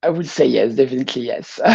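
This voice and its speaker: A woman with a French accent, a pageant showgirl talking as a guest in a casual interview, laughing often and pausing to find her words. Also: very deep voice, gravelly, husky, dull audio.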